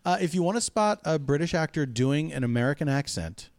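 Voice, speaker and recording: Man, podcast co-host, animated and giggly. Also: a little high, fairly quick, no room sound, clean studio sound. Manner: laughs often, animated. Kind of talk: casual chat.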